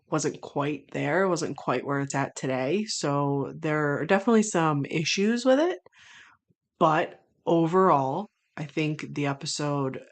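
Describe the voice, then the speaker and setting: Deep-voiced and swearing without restraint, a woman streams casual commentary that swings between loud exasperated rants and thoughtful rambling full of restarts.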